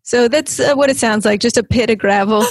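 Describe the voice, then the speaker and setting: A woman's voice: fairly high pitch, a little fast, no room sound. A woman comedian from Canada, guesting on a podcast and telling a wry story with frequent laughter. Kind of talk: casual chat.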